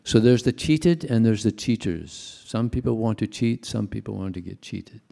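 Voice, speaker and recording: A man's voice: fairly low pitch, lively intonation, moderate pace, vocal fry, mellow. An older man giving a devotional talk to a congregation, telling anecdotes in a chatty, conversational way. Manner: anecdotal, chuckling, conversational storyteller. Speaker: temple speaker.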